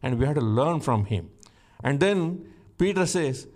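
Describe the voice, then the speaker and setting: A man preaching a sermon, teaching slowly and emphatically from scripture and rising to exclamations. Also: a little high, animated, darkish tone.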